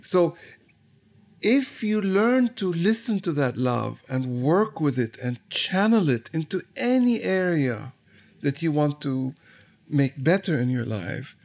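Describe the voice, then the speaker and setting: A man answering interview questions in a studio, in a thoughtful, earnest and measured way. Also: on the high side, very animated, darkish tone. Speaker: guest musician.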